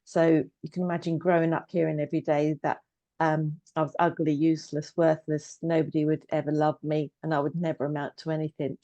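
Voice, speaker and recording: A woman's voice: deep voice, little pitch movement, fairly quick, mellow, no echo, lo-fi sound. A woman in her fifties, a trauma coach, telling her life story candidly in a conversation, with touches of dry humour. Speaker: guest, trauma coach and therapist. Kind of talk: personal story in casual conversation.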